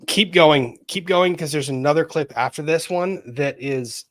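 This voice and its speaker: A man hosting a casual live commentary stream, talking fast and loose, cutting in with questions and addressing his viewers directly. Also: a little high. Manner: animated, interrupts, ranty, talks to viewers. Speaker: livestream host.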